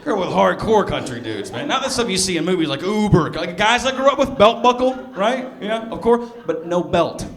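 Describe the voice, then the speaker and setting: High-voiced wry Southern man on stage. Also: big pitch swings. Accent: mild Southern US. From Southern US, near Birmingham, Alabama. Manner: sardonic, wry storytelling with quick asides to the audience. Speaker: stand-up comedian. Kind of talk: stand-up comedy set. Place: comedy club stage. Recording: echoey club room with crowd laughter. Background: audience laughter.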